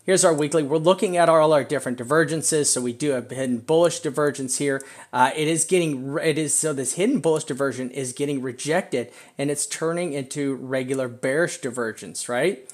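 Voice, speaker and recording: A middle-aged man with a slightly high voice hosts a live stream and talks viewers through trading charts. He rambles, gets excited and laughs often. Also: fairly quick. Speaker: crypto chart analyst host.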